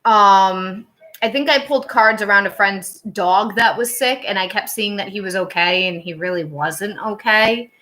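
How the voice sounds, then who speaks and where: A woman's voice: medium pitch, normal speed, pushed and bright. A woman tarot reader casually telling stories on a livestream, chatty and full of fillers and restarts.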